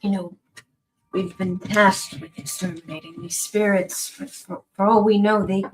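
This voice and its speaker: A woman's voice: medium pitch, little pitch movement, unhurried, a little hiss or hum, poor audio. A woman narrating as game master of a tabletop game, chatty and given to laughing, dropping to a whisper for suspense.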